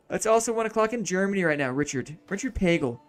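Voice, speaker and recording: A slightly higher-voiced man talks through his live stream of a city-building game in a casual, easygoing way. He muses out loud, echoing his own phrases as he plans each move, and turns to greet his viewers now and then. Soft game music plays quietly behind him. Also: very animated, normal speed. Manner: thinks aloud, repeats his own phrases; chats with viewers between moves.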